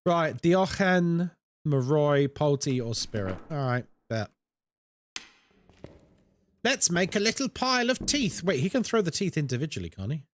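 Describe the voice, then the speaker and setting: A young man streaming a horror game, chatting with his viewers in a jokey, animated way. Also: fairly high pitch, unhurried. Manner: animated and chatty, reads chat aloud, jokey asides. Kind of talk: casual live-stream chat while gaming.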